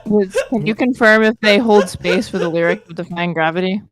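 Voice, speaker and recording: A woman's voice: mid-range voice, brisk, a crowd in the background. A woman chatting on a podcast with wry, analytical remarks. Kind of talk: casual chat.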